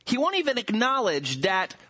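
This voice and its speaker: A male pastor preaching a sermon, reading scripture and explaining it in an animated, conversational way with rhetorical asides. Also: very high voice, normal speed, slightly rough.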